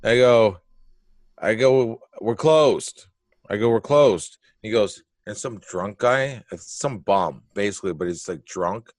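A man's voice: lowish voice, unhurried, no room sound. A man telling a story in casual conversation, swearing freely and acting out the other people's lines. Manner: animated, profane, acts out quotes.

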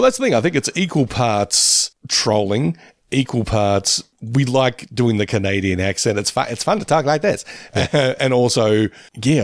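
Gravelly man in casual chat. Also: mid-range voice, dry recording, clean studio sound. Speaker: podcast co-host.

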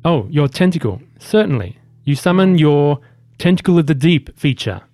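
A man narrating as game master, giving calm rulings with dry humor. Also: fairly high pitch, moderate pace, no echo.

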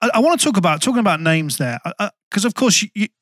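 A man's voice: high voice, animated, very fast, fairly bright tone, no room sound, clean studio sound. A man hosting a podcast interview, chatty, with frequent stammering restarts. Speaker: podcast host.

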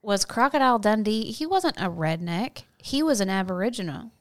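Smooth-voiced, laughing podcast co-host woman. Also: medium pitch, moderate pace. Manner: animated, laughs often, teasing. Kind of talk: casual podcast banter.

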